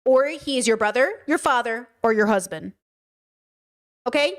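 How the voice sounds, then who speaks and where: A woman's voice: fairly high pitch, animated, normal speed. A woman streamer giving opinionated casual commentary, joking around with many "like" and "okay" asides.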